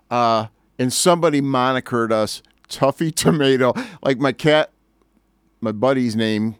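An older man in his sixties hosts a radio show, rambling cheerfully between records with lively asides. His voice is smooth and resonant at a middle pitch. He speaks close into a dry studio mic. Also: no echo. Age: 60s. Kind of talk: casual radio chat. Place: radio station record library.

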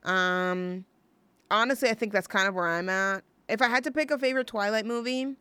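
A woman's voice: medium pitch, a little fast, bright, forceful tone, clear, resonant tone, no echo. A young woman hosting a college radio show, chatting on her own in a rambling, gushing way full of fillers and restarts. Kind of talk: casual solo radio chat.

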